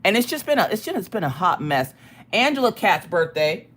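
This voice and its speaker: An American woman hosts a casual livestream, greeting viewers by name and chatting loosely. Her mid-range voice is sing-song, brisk, and fairly bright, with a ticklish cough caught in her throat.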